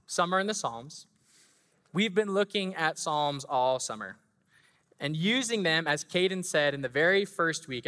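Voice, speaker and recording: Male preacher, playful and animated, high-ish bright tone, long hall reverb. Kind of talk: sermon.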